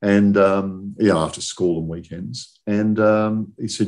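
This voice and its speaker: A man's voice: on the low side, steady tone, unhurried, a little mellow. A man in his sixties, a podcast guest telling long, rambling stories about his working life and often checking in with "okay?". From southern England. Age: 60s. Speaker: guest, industry chief executive. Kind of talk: casual podcast chat.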